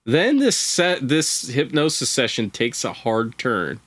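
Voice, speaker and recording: A man's voice: medium pitch, very animated, slow, fairly bright tone, no room sound. Man, podcast guest, casual storytelling, wry profane asides, dry close sound.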